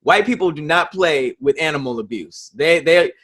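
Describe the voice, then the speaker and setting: A man co-hosting a podcast in casual chat, with relaxed, joking banter. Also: on the high side, normal speed. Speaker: podcast co-host.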